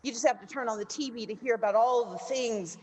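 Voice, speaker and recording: A woman's voice: fairly high pitch, fast talker, darkish tone. Rousing woman giving a political speech. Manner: rousing, builds to emphatic repetition; tells a parable story. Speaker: speaker at a labor union gathering.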